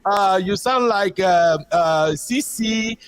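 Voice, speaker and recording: Calling in to a talk show for a casual chat, this Nigerian man rambles on and drifts into Pidgin. His voice is high-pitched and slow, with a little hiss or hum on the line.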